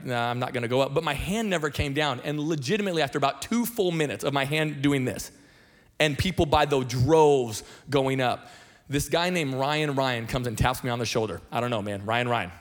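A middle-aged man from Washington state, a senior pastor telling his testimony in a sermon, talking fast and conversationally with many restarts and repeated words. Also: medium pitch. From Washington state, USA.

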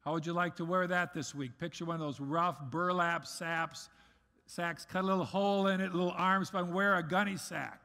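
Middle-aged pastor preaching in a reverberant hall. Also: male voice, high voice, fairly even intonation, normal speed, creaky. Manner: earnest preaching, swinging between loud emphasis and soft asides. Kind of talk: sermon. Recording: long reverb of a large hall.

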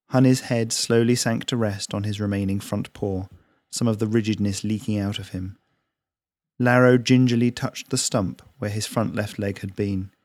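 A low-voiced man reads his own short fiction in a gentle, unhurried way. The sound is dry and close, with no room around it. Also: steady tone, no echo. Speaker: author and narrator. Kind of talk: short story reading.

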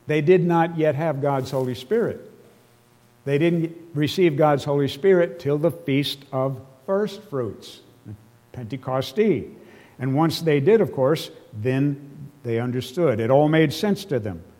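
A man preaches a sermon in a fairly high, warm voice at a measured pace, explaining scripture earnestly and emotionally. He drops casual asides to his listeners, and the long reverb of a large hall fills the recording.

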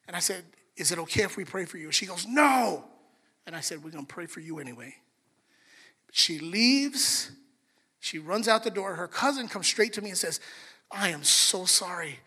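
A male pastor preaching a sermon, telling a story with lively, acted-out quotes. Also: on the high side, moderate pace, pauses often, husky. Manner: animated storyteller, acts out quotes. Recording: long reverb of a large hall, soft music behind.

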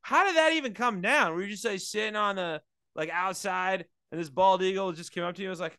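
Bright-voiced, profane podcast host. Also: male voice, high voice, brisk, clear, resonant tone, no echo, studio quality. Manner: profane, riffing with jokey asides. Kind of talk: casual comedic chat.

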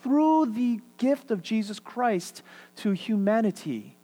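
A middle-aged man preaching a sermon as pastor, animated, swinging between loud emphasis and quiet asides and repeating phrases for emphasis. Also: sits high, takes it slowly.

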